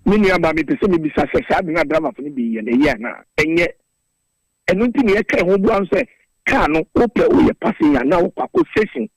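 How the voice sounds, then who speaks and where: A man's voice: a little high, expressive, a little fast, no room sound, poor audio. A man from Ghana speaking as a drivers' union spokesman in a radio interview, earnestly reeling off prices and figures.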